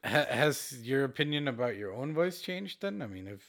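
A young man cohosts a casual chat, crude and teasing, swearing freely and sighing often. His pitch is lively and swings widely as he talks. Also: normal speed, vocal fry. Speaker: podcast co-host.

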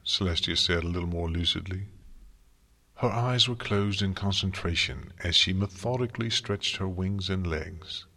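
A man reading a story aloud in a slow, measured narration style. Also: deep voice, pushed and bright. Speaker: audiobook narrator. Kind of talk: scripted fan fiction narration. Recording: long hall reverb.

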